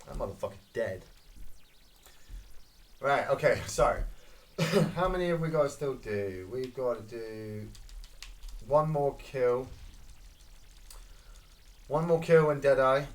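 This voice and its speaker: A Scottish man giving casual, excitable gameplay commentary, swearing and reacting loudly to each kill. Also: medium pitch. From Scotland. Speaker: gaming streamer.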